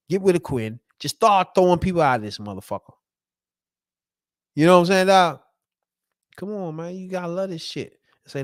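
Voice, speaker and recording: Man, fan-rant vlogger, lively swooping pitch, dry close sound, profane and emphatic. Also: no room sound.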